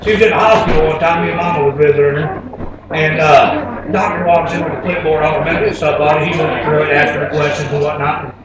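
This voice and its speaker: A man's voice: on the high side, fairly even intonation, fast, a loud crowd. A man telling comic stories on stage in a laid-back, rambling way, with fillers. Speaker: storyteller. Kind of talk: live comic storytelling on stage. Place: stage before an audience. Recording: distant, roomy, dull live recording.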